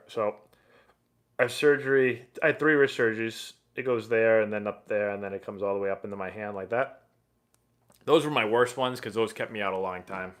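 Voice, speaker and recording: Easygoing guy in his 30s, chatting through viewer questions on a live stream, mid pitch. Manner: relaxed, chatty, reads viewer questions aloud. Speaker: livestream host and former pro baseball player. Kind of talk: casual live Q&A chat.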